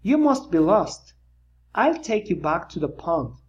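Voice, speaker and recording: A reader voicing a curious, kindly young cat boy from a storybook in a lively, slightly raised voice. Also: mid-range voice, unhurried, muffled recording. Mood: concerned.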